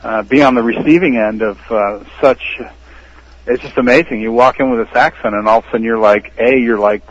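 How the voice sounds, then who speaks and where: An American man, an actor, tells his stories as a podcast guest, lively and quick to laugh. His voice sits at an ordinary middle pitch. It comes through a dull, lo-fi line that takes the top off the sound. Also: slight background noise. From United States. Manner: animated storyteller who laughs often. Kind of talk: casual interview storytelling.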